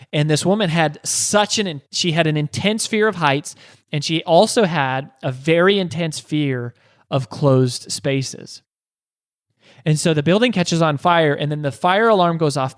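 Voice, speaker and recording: A man's voice: fairly high pitch, no echo, clean studio sound. A man hosting a podcast, telling a motivational story earnestly, with frequent restarts and rhetorical questions. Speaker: podcast host.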